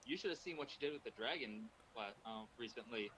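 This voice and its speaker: A man's voice: medium pitch, animated, brisk, bright, forceful tone, rough recording. A man playing a tabletop game who talks in a casual, brief way. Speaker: player.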